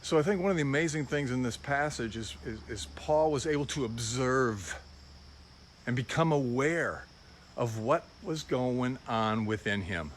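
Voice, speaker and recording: A man's voice: mid-range voice, lively intonation, a little slow, slight background noise. A middle-aged man giving an informal, personal sermon as a pastor, reflective and confessional.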